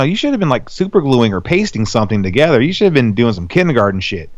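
A man's voice: mid-range voice, big pitch swings, fast talker, no room sound. A young adult man on a podcast, talking in a profane, heated rant. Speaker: podcast co-host. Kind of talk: casual chat. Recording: dull lo-fi sound.

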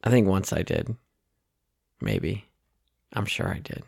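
Man, podcast co-host, low voice, dry close sound, jokey rambling, casual chat. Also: very animated, slow pace, vocal fry, darkish tone, husky, dry recording. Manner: rambling, jokey storytelling with restarts.

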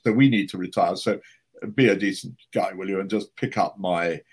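A grand, elderly male actor, speaking loudly and in a stately, measured way, with formal dignity and a slight weariness, as a storytelling man imitates him. The voice sits low and a touch husky. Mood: weary.

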